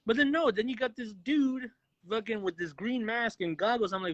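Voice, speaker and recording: A man co-hosting a casual movie review podcast, talking excitedly with lots of swearing and acting out lines. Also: very high-pitched, normal speed, no room sound, muffled recording. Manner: excited, profane, acts out quotes.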